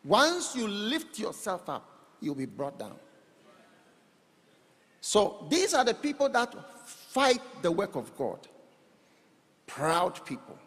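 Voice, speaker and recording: A man preaching a sermon to a congregation, animated and rhetorical, teasing his listeners with questions. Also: high voice, slow, long pauses. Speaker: pastor. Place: church hall. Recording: long church-hall reverb.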